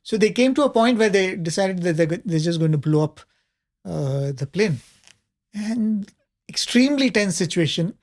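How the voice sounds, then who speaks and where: A man, a panelist telling a spiritual story in a conversational way, often pausing with fillers and soft laughs. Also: high-pitched, animated.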